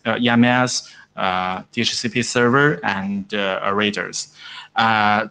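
A man, not an English speaker, giving a technical presentation at a standards meeting, with many pauses and restarts. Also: on the low side, pushed and bright, poor audio. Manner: halting, frequent "uh", broken grammar. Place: conference room.

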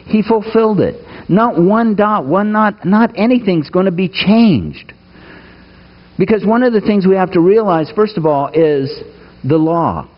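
A man's voice: sits high, lively intonation, unhurried, lo-fi sound. A man preaching a sermon to his congregation, emphatic, putting rhetorical questions to the listeners. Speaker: pastor. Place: church sanctuary.

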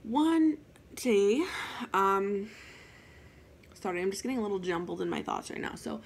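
A young woman casually telling a personal ghost story in a chatty, animated way, with asides and swearing. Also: medium pitch, unhurried, gravelly, a little hiss or hum.

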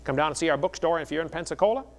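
A middle-aged man preaches at a seminar, his voice slightly high for a man. He tells stories in a folksy, joking way and keeps the delivery lively. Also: very fast. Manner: folksy, joking, animated storytelling. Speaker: evangelist speaker.

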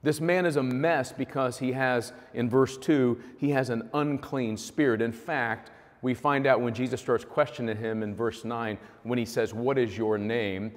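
A man's voice: medium pitch, steady tone, moderate pace, hardly any pauses. Man preaching in an echoing hall. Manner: conversational, vivid storytelling with fillers. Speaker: pastor. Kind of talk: sermon. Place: church hall. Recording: long hall reverb.

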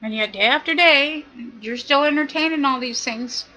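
A woman delivers an impassioned, indignant rant, her voice pitched a little high. Her tone is bright and sharp, and she keeps driving her points home through repetition. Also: moderate pace, rough recording. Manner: indignant, preachy, repetitive emphasis. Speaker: video commentator. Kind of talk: impassioned monologue.

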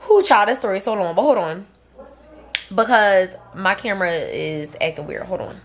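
A woman's voice: mid-range voice, normal speed. A young woman telling a long, rambling story to camera in a casual vlog, leaning hard on fillers. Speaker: vlogger.

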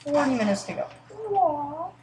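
A woman giving casual commentary over her gameplay, rambling and apologetic, sometimes trailing into quiet mutters and then bursting out excitedly. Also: on the high side, measured pace. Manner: excitable outbursts. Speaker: gaming commentator.

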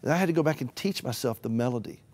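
Southern US man, middle-aged, rapid folksy interview guest with humor and soft hushed asides. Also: medium pitch, expressive. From American South. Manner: storytelling, folksy humor, drops to a gentle hush. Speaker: author and caregiver advocate.

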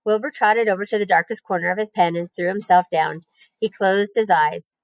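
A woman reads a children's novel aloud to her class at a middle pitch, gentle and unhurried. The recording is dry and close, with no room sound around her. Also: no echo, poor audio.

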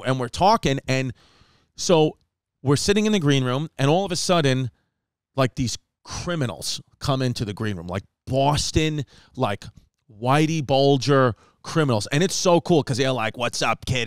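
A man from New York, a comedian hosting a podcast, telling stories in casual chat and jumping up in pitch for quoted voices. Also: clear, resonant tone, no echo, studio quality.

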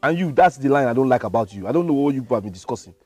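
A man's voice: medium pitch, expressive, very fast, mellow, breathy edge, dry recording. An actor with a Nigerian accent playing an impatient young man who dismisses his mother sharply. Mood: dismissive. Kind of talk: Nollywood village drama acting.

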